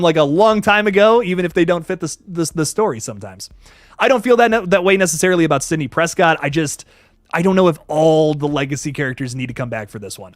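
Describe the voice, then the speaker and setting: A man's voice: on the high side, dry recording, studio quality. A young man casually chatting on a live stream, swearing often and reading viewers' chat messages aloud.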